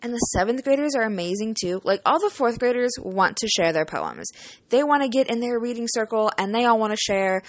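A woman's voice: on the high side, lively intonation, a little fast, dry recording. A young adult woman, a student teaching partner, telling a casual storytime vlog. She talks in a chatty, emotional way, leaning on "like" and "you know" and swearing casually.

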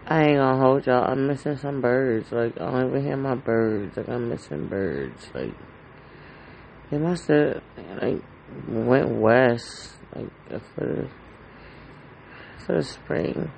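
A man's voice: mid-range voice, animated, slow pace, gravelly, darkish tone, slight background noise, rough recording. A man hosting a casual solo podcast from home, rambling in an anxious, heartfelt way with lots of fillers and swearing. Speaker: podcast host.

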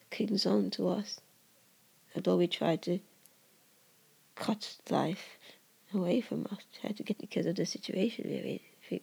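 Gravelly, husky poet musing in halting whispers. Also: mid-range voice, darkish tone. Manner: earnest, halting, drops into whispers. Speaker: poet discussing own poem. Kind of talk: personal reflective monologue.

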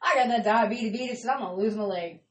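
A woman telling stories in casual stand-up, loud and laughing, swearing freely. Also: on the high side, a little fast. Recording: echoey room from a distance.

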